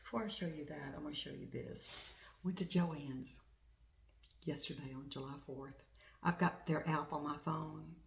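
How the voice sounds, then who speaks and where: A middle-aged woman from the United States, hosting a crafting vlog and chatting excitedly about her shopping. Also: low-pitched, vocal fry. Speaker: flosstube host. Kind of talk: casual crafting vlog chat. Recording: echoey room.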